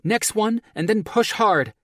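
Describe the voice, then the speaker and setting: A calm, collected woman coaches steadily in a raised, lighter voice, as a male narrator puts her on. The reading is lively in pitch and dry and close. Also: measured pace, dry recording. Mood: coaching calmly. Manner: cool, calm, collected, encouraging. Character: calm, capable woman taking charge. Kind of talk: audiobook character voice.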